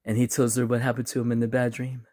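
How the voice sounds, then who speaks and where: A man's voice: mid-range voice, completely flat delivery, fast, darkish tone, no room sound, studio quality. A man casually telling a spooky, funny story in a laid-back, chatty way, acting out the voices as he goes.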